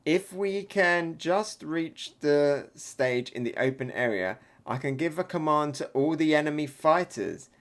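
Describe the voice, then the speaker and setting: A man reading aloud the lines of a brave, determined little girl, slow and plain, close to his own voice. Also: a little high, lively intonation, fairly bright tone. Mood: earnest.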